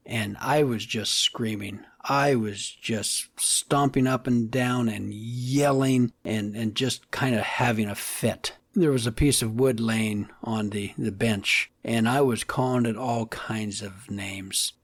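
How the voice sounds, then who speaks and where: Guy doing a solo woodworking podcast, cracks puns and laughs at em, normal pitch, dry close mic. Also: fairly even intonation, unhurried, hardly any pauses, dry recording. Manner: rambling, jokey, fond of puns, laughs at his own jokes. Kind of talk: casual solo podcast monologue.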